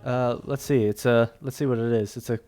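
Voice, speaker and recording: A young man offers casual commentary on a strategy game stream, rambling and laughing frequently against faint music. His medium-pitched voice has a dark tone and fairly even intonation, and he speaks a little fast.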